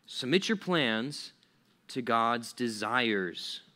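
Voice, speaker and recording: A man's voice: mid-range voice, expressive, extremely slow, bright, forceful tone. A man preaching a casual sermon to young listeners, chatty and full of "like" fillers, laughing often. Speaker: pastor.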